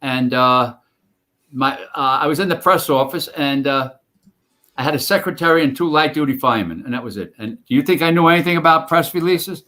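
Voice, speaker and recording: A man's voice: medium pitch, a little fast, sharp tone. An older man, a retired firefighter telling rambling stories on a podcast, full of fillers and restarts. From New York. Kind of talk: casual storytelling interview.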